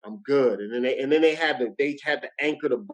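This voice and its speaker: A man's voice: mid-range voice, quick pace, a bit bright, lo-fi sound. A middle-aged man from New Jersey, a guest comedian telling a story in casual chat with street slang.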